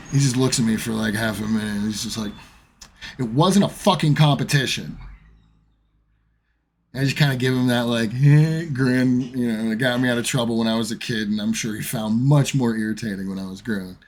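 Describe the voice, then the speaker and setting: A man from the United States tells a long, rambling story from his own life, swearing freely as he goes. His voice is husky and sits at a middle pitch. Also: fairly even intonation, brisk, darkish tone. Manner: profane, rambling anecdote. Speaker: streamer. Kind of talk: casual storytelling.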